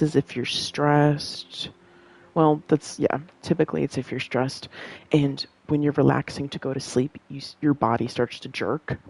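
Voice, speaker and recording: A woman's voice: a bass voice, vocal fry, darkish tone, poor audio. A young woman rambling in casual chat, laughing often and swearing freely.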